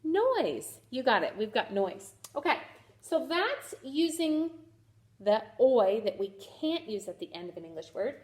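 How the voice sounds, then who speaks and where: A woman teaches phonics to young children, slowly sounding out each letter of a word. Her fairly high voice swings up and down a lot, and she praises often. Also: big pitch swings, darkish tone. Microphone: recorded to camera for a video lesson.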